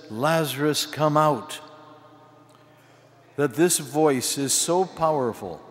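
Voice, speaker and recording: Slow-preaching older man in cathedral reverb. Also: mid-range voice. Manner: slow, measured delivery in short phrases. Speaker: archbishop preaching. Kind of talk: sermon. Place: large cathedral.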